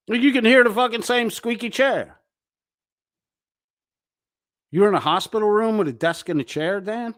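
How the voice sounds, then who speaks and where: A man delivers a foul-mouthed, mocking rant as he reacts to clips. His voice sits at an ordinary middle pitch. The sound is dry and close, with no room around it. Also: animated, fairly quick, fairly bright tone, clean tone, no echo. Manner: profane, ranting, mocking. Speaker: commentary channel host. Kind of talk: angry reaction commentary.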